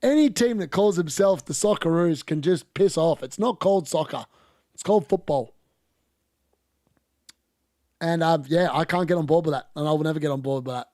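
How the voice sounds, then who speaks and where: A man talks over a live football match in a loose, opinionated ramble, dropping the odd mild swear. His voice sits a bit higher than most men's. The sound is close and dry, with no room around it. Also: moderate pace, pauses often, dark tone, no room sound. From Australia. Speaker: football watch-along host. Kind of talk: casual live match commentary.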